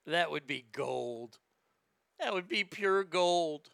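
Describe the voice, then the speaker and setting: A man's voice: fairly high pitch, animated, takes it slowly, gravelly, fairly bright tone, smooth, no room sound. A man hosting a comedic rant, profane, mocking and rambling.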